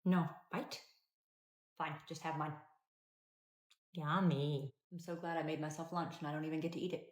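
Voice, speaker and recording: A woman talking calmly and patiently as a parent, mixing dry humor into everyday parenting skits and advice. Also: deep voice, a little fast. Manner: calm, patient, dryly wry. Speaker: parent content creator.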